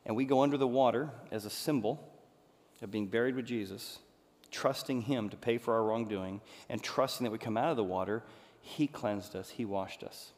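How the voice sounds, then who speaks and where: A man's voice: fairly low pitch, fairly quick, a little mellow. A male pastor preaching a sermon, telling a story with lots of animation and acting out the quotes. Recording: church hall reverb.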